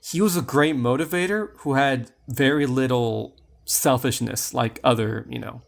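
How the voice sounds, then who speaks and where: A man's voice: mid-range voice, moderate pace, vocal fry. A man co-hosting a podcast, chatting casually about a film with many fillers and restarts. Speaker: podcast co-host. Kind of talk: casual film review chat.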